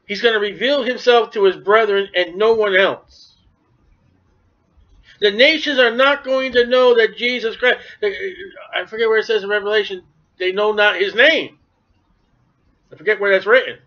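Animated preacher man, high voice, lo-fi. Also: a little slow, pauses often. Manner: animated, acts out biblical voices. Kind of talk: sermon. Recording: dull lo-fi recording.

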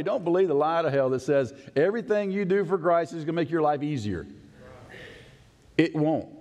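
With a slightly high and somewhat mellow voice, a male pastor delivers an emphatic, conversational sermon, often asking his congregation questions. The sanctuary adds long church reverb.

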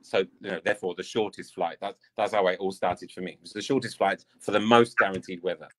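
A man's voice: sits low, fairly even intonation, quick pace, a bit bright. A man from England, a dance teacher and coach, chatting casually as an interview guest, rambling with lots of "I mean".

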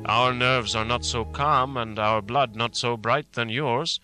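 A man reads a grave, commanding elderly professor from a storybook, steady and measured. His voice rings bright and clear. Faint film music plays under him. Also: mid-range voice. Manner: grave, urgent, measured speech.

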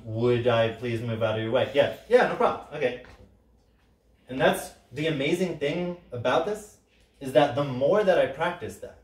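A man leading a workshop, talking casually and acting out the quoted lines with a lot of energy. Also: mid-range voice. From Sicilian background. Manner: animated, acts out quoted lines loudly, frequent "right?". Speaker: workshop facilitator. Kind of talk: workshop talk. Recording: roomy, from a distance.

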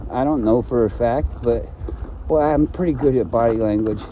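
A man's voice: medium pitch, normal speed, mellow, a little hiss or hum, rough recording. A man ranting to himself in a rambling solo vlog, swearing often and complaining. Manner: profane, complaining, talks to himself. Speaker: vlogger.

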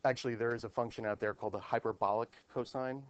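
A man's voice: mid-range voice, fairly even intonation, quick pace, muffled recording. Male math teacher lecturing a class. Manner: explains step by step, asks the class questions.

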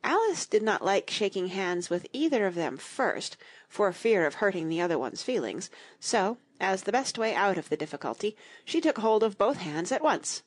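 A woman reading a children's audiobook aloud in an expressive, storytelling manner. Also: medium pitch, moderate pace. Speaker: audiobook narrator.

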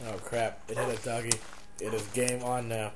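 A man's voice: medium pitch, flat delivery, moderate pace. A man co-hosting a gameplay commentary, making dry, teasing remarks. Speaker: let's play co-host. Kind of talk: gaming commentary. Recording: loud background hiss.

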